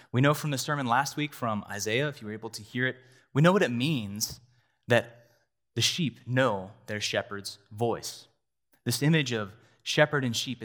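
A man's voice: medium pitch, bright, forceful tone. A man in his thirties, a pastor preaching an earnest, conversational sermon with asides to the congregation.

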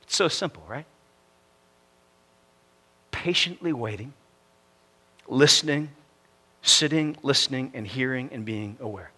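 A man preaching a sermon, reading a story aloud in an earnest way that sinks to a hush at the ends of phrases and rises to emphatic preaching. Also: mid-range voice, measured pace, pauses often, breathy edge.

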